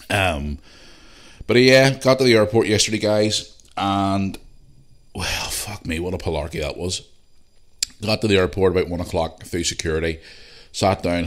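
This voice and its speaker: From his living room, a Northern Irish podcast host spins a rambling, animated anecdote in a very low, deep voice. It's a casual solo storytelling show, and his talk is sweary and padded with fillers and restarts.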